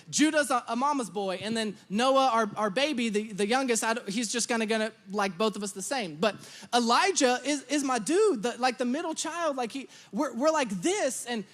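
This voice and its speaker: A man in his thirties preaching a sermon, telling a lively story about his children and acting out their lines. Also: very high-pitched. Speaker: pastor.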